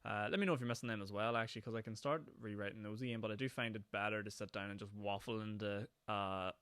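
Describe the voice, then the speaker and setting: A young Northern Irish man hosting his own podcast, talking fast and rambling from one thing to the next with frequent laughs. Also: on the low side, fairly even intonation, fairly bright tone, smooth, no room sound. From Northern Ireland. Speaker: podcast host. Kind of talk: casual solo podcast chat. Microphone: podcast microphone.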